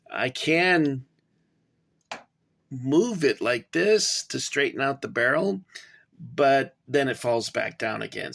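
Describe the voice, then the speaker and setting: The man here has a mid-range voice that's creaky and a bit bright. He gives a relaxed, rambling review of a toy gun model from a cramped home workspace, with frequent fillers and chatty asides to "guys."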